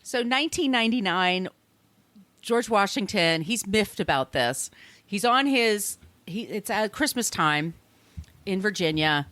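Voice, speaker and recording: A woman's voice: medium pitch, expressive, unhurried, fairly bright tone. A woman on a podcast walks her co-host through a history tale in loose, chatty fashion, restarting sentences and swearing as she goes. Her voice sits mid-range, and the sound is dry and close, with no room echo. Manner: rambling, conversational, frequent restarts and swearing. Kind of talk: casual storytelling chat.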